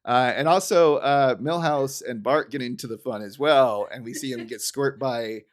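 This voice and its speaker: A man's voice: medium pitch, normal speed. A man co-hosting a podcast, chatting casually and recapping a cartoon episode while acting out lines in funny voices. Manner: animated, acts out character lines in funny voices. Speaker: podcast co-host.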